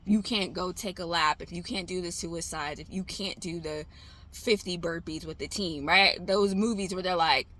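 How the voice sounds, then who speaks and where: A woman's voice: on the low side, normal speed, fairly bright tone, slight background noise. A tired woman rambling candidly at home in a casual vlog, swearing and laughing as she talks to herself. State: exhausted. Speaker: trading vlogger. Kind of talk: casual self-talk vlog.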